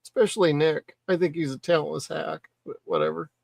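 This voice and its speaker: A man's voice: fairly high pitch, fairly quick, gravelly, no echo, studio quality. A man co-hosting a podcast in casual chat, easygoing with blunt opinions. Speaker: podcast co-host.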